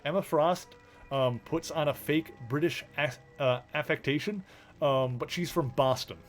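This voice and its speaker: A man's voice: fairly high pitch, measured pace, soft background music. A male streamer giving casual commentary as he plays a video game, thinking aloud in a chatty, rambling way.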